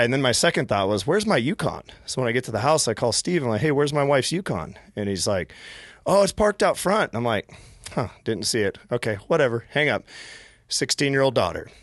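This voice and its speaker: A man's voice: lowish voice, fairly bright tone, no room sound, studio quality. A man from Montana, a musician guest on a podcast, telling a long story in a casual way and acting out the voices of the people in it.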